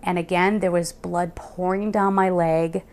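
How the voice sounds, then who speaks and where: A young adult woman vlogging, telling a rambling personal story in a chatty, animated way and laughing now and then. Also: lowish voice, unhurried. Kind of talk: casual storytelling. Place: Colorado Springs.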